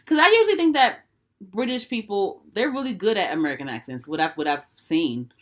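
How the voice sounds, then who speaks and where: A woman's voice: mid-range voice, animated, fairly quick. A young woman co-hosting a casual podcast, talking in a slangy, laid-back way and often answering with mm-hmm. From DMV area, US. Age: young adult. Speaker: podcast co-host. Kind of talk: casual chat.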